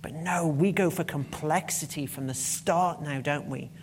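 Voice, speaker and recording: A woman's voice: low-pitched, measured pace, slight background noise. A woman giving a conference talk, passionate and emphatic, with blunt swearing when annoyed. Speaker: conference speaker.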